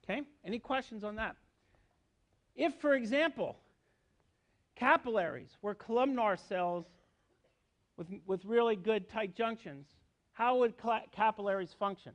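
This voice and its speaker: Pausing often and speaking a little slowly, a middle-aged man with a high-pitched voice gives a university biology lecture in a lecture hall. He explains step by step, puts questions to the students, and frequently checks in with "okay?".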